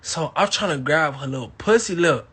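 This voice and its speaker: Young guy from miami, high raspy voice, crude live story, goes loud then drops to hushed. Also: normal speed. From Miami, Florida. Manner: crude and animated, swinging between loud bursts and hushed asides. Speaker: livestream host. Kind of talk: casual storytelling to a live audience.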